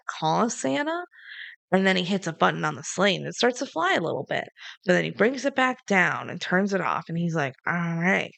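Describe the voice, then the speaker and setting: Kobieta z chrypką w głosie, suche nagranie. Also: female voice, lowish voice, vocal fry, no echo. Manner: animated retelling, acting out characters' lines. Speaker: podcast co-host. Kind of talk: casual movie recap chat.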